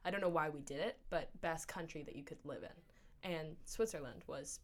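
A woman's voice: low-pitched, moderate pace. A teenage girl from Canada, chatting casually as the interviewee, with lots of fillers and restarts. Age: teens.

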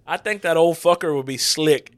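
A man's voice: a little high, normal speed. A man hosting a sports podcast, swearing freely, laughing often and telling stories in a loose, casual chat. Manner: profane, laughs often, animated storyteller. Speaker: podcast host.

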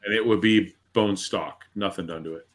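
A man's voice: low voice, moderate pace, fairly bright tone. A man chatting on a podcast, rambling with hesitant restarts that trail off. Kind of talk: casual chat.

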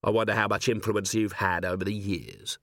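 A man's voice: fairly low pitch, steady tone, moderate pace, a bit bright, no echo. Worn-out blunt cop boss, man reading him, dry clipped talk, no room sound at all. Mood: blunt weary. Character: weary, blunt male city watch commander. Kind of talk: audiobook character voice.

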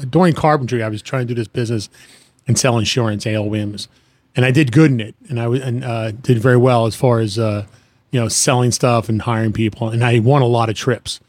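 A middle-aged man rambles through family stories, restarting sentences and mimicking the people in them. His voice sits at a middle pitch. The sound is dry and close, with no room around it. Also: a little mellow, dry recording. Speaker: guest, retired plumbing business owner. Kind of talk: casual storytelling chat.

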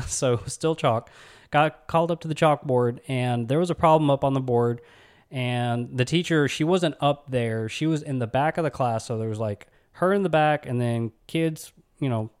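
A young man from Alabama hosting a podcast, telling a personal story in a relaxed, rambling way with many fillers and restarts. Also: mid-range voice, smooth. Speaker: podcast host.

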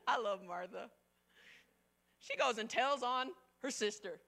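Preaching with energy, a middle-aged female pastor acts out the quotes in her story and moves between loud and quiet passages. She speaks on the high side at a measured pace, with lively intonation and frequent pauses.

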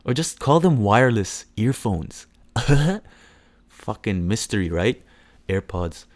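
A man's voice: on the low side, sing-song, takes it slowly, no room sound. A man hosting a casual solo podcast, rambling with lots of fillers, swearing and mocking impressions. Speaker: podcast host.

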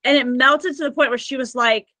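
Bright-voiced woman healer on a podcast. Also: high voice, steady tone, brisk, dry recording, poor audio. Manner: rambling and earnest, with many "like" fillers and restarts. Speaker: Akashic records practitioner and healer, podcast guest. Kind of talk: conversational podcast storytelling.

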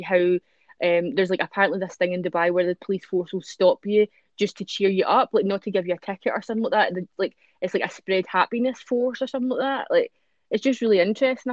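A woman's voice: medium pitch, darkish tone, no echo. Chatty woman, dry dull sound. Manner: chatty, many "like" fillers. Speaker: podcast host. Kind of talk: casual chat, reading newspaper stories.

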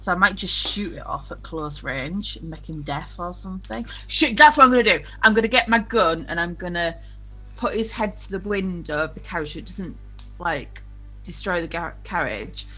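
A player in a tabletop western game who thinks aloud about her character's moves, unhurried and quick to laugh. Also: mid-range voice, bright, forceful tone, faint music behind.

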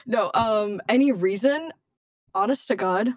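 A woman's voice: medium pitch, expressive, normal speed, dry recording, clean studio sound. A young woman, a college student guest, chatting loosely with frequent laughs and casual swearing. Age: young adult. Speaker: guest streamer. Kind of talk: casual chat.

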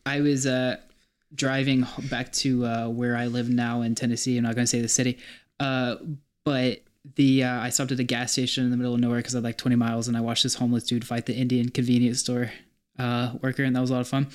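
A man's voice: mid-range voice, little pitch movement, fast, smooth. Young man telling crude stories. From North Carolina. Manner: crude storytelling, acts out quotes. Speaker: podcast co-host. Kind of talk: casual chat.

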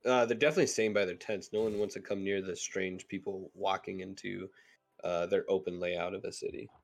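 A man's voice: low-pitched, steady tone, brisk, creaky. A man narrating a tabletop game as game master, loose and hesitant, with lots of filler words.

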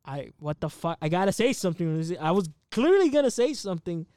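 A man's voice: high-pitched, very animated, fairly quick, a little mellow, dry recording, clean studio sound. A man in his twenties telling a rambling, profane story in a casual podcast chat. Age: 20s. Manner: rambling, profane, laughs at himself.

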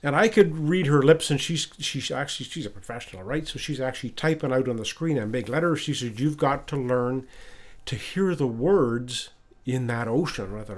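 A podcast host who lives in Ottawa casually tells a personal story and retells conversations, often restarting and repeating words. His voice is mid-range and expressive, at a normal speed.

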